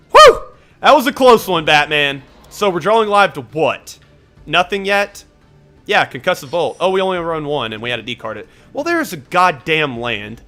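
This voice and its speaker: Bright excitable man narrating his gameplay. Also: high voice. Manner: excitable, swears when frustrated, thinks aloud. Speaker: gameplay commentator. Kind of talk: live gameplay commentary.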